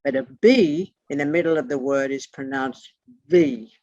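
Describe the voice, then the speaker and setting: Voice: medium pitch, normal speed, a little mellow, no echo, lo-fi sound. A teacher leading an online class over a video call, bluntly spelling out terms letter by letter, with the odd swear word.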